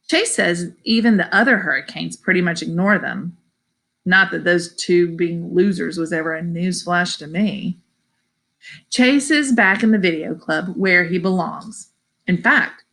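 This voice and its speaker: A woman's voice: on the low side, pushed and bright. A woman reading a middle-grade novel aloud, adding chatty asides that explain phrases to her listeners. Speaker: audiobook reader.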